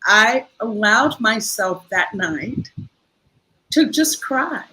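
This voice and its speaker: An older woman speaking as a guest in a conversational interview, telling a heartfelt story in a lively, expressive way. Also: medium pitch, very slow, rough recording.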